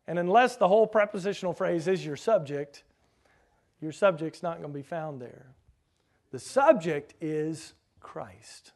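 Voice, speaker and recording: A man preaching a sermon, teaching like a classroom lesson, quizzing his listeners and slowing down to hammer home key words. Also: a little high, darkish tone.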